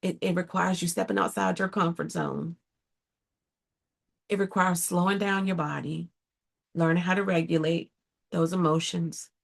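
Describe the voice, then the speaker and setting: A woman's voice: fairly low pitch, creaky. A middle-aged woman therapist giving earnest, direct advice to viewers, often checking in with a rhetorical "right?". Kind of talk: casual advice talk to viewers.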